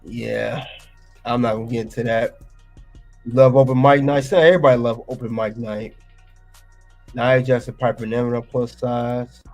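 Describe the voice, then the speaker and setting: A man's voice: mid-range voice, steady tone, normal speed, long pauses, darkish tone, soft background music. A man hosting a reaction video, ranting and scolding as he comments on an interview clip.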